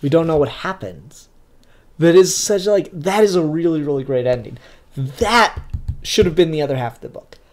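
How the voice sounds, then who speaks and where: A young man with a somewhat high voice gives a casual spoken comic book review. He rants in a blunt, profane way. His talk is loose and full of fillers. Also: animated, normal speed, darkish tone.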